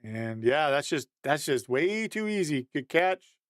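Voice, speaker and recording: A man's voice: a little high, sing-song, unhurried, dry recording. A man giving a casual, conversational breakdown of football game film, thinking aloud and chuckling at mistakes.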